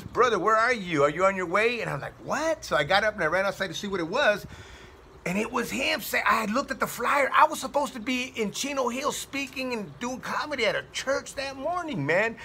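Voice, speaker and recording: Animated, slangy man telling a story. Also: high voice, brisk, slight background noise. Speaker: comedian. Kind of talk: casual storytelling monologue.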